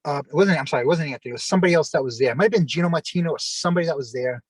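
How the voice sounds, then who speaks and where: A former wrestler as an interview guest, telling long rambling anecdotes with lots of fillers and acted-out quotes. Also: male voice, fairly high pitch, very fast, slightly rough, no room sound, low-quality recording. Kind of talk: casual storytelling.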